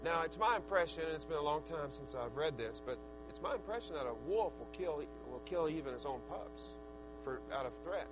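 High-voiced earnest man preaching. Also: expressive, brisk, background noise. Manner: folksy and earnest, with swings of loudness. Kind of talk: sermon.

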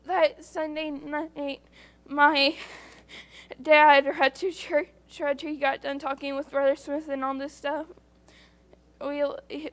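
High-pitched woman, earnest church testimony, rambling storyteller who voices the people she quotes. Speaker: church member giving testimony.

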